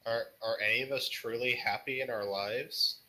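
A man chats as a guest on a laid-back podcast, his answers rambling and halting, full of jokes. His voice is bright and forward at a middle pitch. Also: steady tone, poor audio. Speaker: guest artist. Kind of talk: casual podcast interview.

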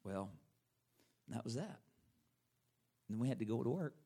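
A middle-aged man preaching in an earnest, conversational manner. His pitch sits in an ordinary middle range. He talks to his listeners as if chatting with them. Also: expressive, normal speed, warm tone. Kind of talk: sermon.

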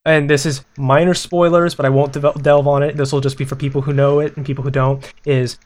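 A young man with a slightly raised pitch talks through a film in a loose, rambling way. He restarts sentences and leans on filler words as he thinks aloud in casual chat. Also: little pitch movement, brisk.

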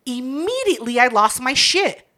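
A woman co-hosting a casual chat, telling profane, animated stories and breaking into loud laughs. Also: high voice, normal speed.

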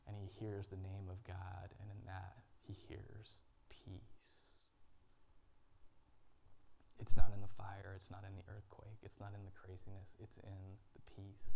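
A male pastor preaching to his congregation, earnest and dramatic, letting long pauses hang between phrases. His voice sits fairly low, with a faint hum of background noise in the room. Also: gravelly, dark tone. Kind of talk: sermon. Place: church.

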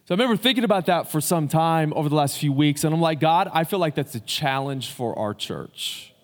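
A pastor addresses his congregation in a church sanctuary, preaching a sermon in a loose, conversational way with fillers and restarts. His voice is a little high, animated, and brisk, and the recording carries a long hall reverb.

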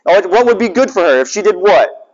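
A pastor with a fairly high voice, talking a little fast, delivers a sermon full of family stories. He acts out the dialogue in different voices and throws rhetorical questions at his listeners, and the sound is dull and echoes around a reverberant hall.

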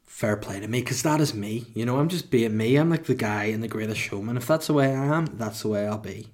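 30s guy doing a solo comedy podcast, rambly, swears a lot, middle-pitch voice. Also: fairly quick, a little mellow. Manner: rambling, irreverent, sweary asides.

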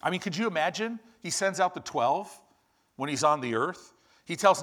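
Animated male preacher, higher voice. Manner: animated, exclamatory, quick asides. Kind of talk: sermon.

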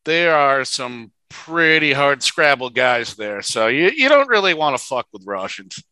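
A man's voice: mid-range voice, very animated, measured pace, pushed and bright, clean tone, no echo, rough recording. A man co-hosting a casual podcast over a video call, joking and swearing freely. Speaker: podcast co-host.

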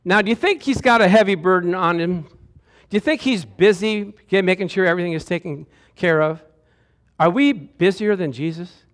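A man preaching a sermon to a congregation, animated and calling out to them for answers. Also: sits high, normal speed. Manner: animated, calls out to the congregation for responses. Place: church sanctuary with a congregation.

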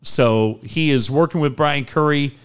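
A man in his forties hosting a talk radio show, telling blunt, animated stories with swearing and reading ads. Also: a little high, measured pace, clear, resonant tone. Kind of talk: casual sports talk and live ad reads.

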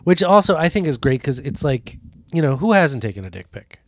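A man co-hosting a comedic podcast, reading absurd news with deadpan, mock-serious delivery. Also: on the high side, brisk, dry recording, studio quality. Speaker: podcast co-host.

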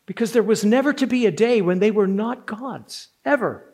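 A man's voice: high voice, moderate pace, darkish tone. A man preaching a sermon, earnest and rising to strong emphasis on key words. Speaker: pastor.

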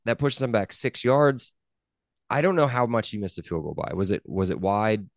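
A man's voice: lowish voice, lively intonation, normal speed, no echo. Emphatic man in a dry room. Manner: emphatic, repeats himself, argues points. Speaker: podcast co-host. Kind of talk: casual sports chat.

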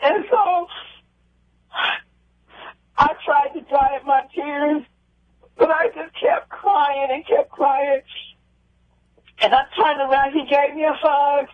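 A woman calling in as a guest, telling a personal story in a halting, heartfelt way that circles back on itself. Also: sits high, dry recording. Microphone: telephone. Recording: tinny phone line.

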